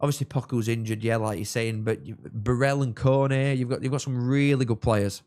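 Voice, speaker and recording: A young man from England, hosting a live football watchalong and chatting with viewers, reacting loudly to goals. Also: mid-range voice, fairly even intonation, moderate pace. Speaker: livestream host.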